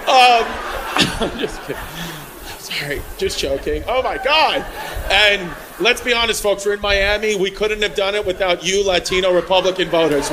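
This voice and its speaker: A brash male stand-up comic with a fairly high voice, bursting into loud shouts. He is on a club stage, and there is noise and a laughing crowd in the live recording. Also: normal speed. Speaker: stand-up comedian. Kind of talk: stand-up comedy set.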